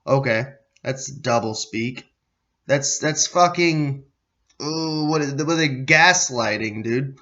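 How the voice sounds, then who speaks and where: Slow and sharp-toned at medium pitch, an American man hosts a podcast through a muffled recording. He reads a news article aloud, drifts into sarcastic, profane asides, and sometimes loses his place.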